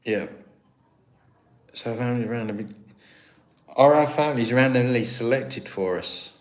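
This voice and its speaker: A British man talks loosely to his livestream audience, answering viewer comments as they come in. His voice sits at a middle pitch. He rambles and restarts his sentences, and he is quick to make fun of himself. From Britain. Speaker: livestream host. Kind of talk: casual live-stream chat, reading viewer comments.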